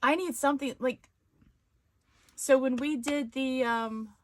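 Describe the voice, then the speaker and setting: A woman hosting a casual live stream, chatting and rambling as she thinks out loud. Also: high voice, steady tone, slow, dry recording. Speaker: live-stream host of a sewing channel.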